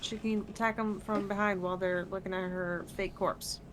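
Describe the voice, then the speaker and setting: A woman's voice: medium pitch, steady tone, moderate pace, a little hiss or hum. A woman casually playing a tabletop game, eager and upbeat. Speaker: player.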